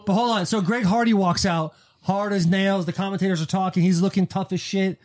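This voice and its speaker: A man in casual podcast chat, retelling a fight night in a fast, animated way and swearing freely. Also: sits high. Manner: fast, animated storytelling with profanity; breaks into sung snippets when retelling. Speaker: podcast co-host.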